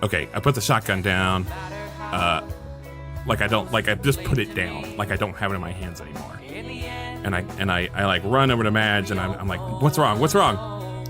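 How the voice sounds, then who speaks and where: A man's voice: low-pitched, fairly quick, over music. A man playing his character in a tabletop game, rambling and restarting sentences, often laughing. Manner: rambling, self-interrupting, laughing. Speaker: player.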